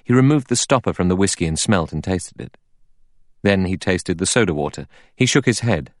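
A man narrating an audiobook in a measured, steady reading. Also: low voice, no room sound, clean studio sound. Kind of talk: scripted narration.

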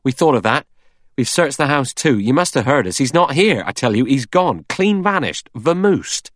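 A man's voice: on the low side, animated, moderate pace, a bit bright, no room sound, clean studio sound, pitched above the performer's own voice. A man reading aloud and voicing a blunt man who speaks emphatically and insists he is right. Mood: insistent.

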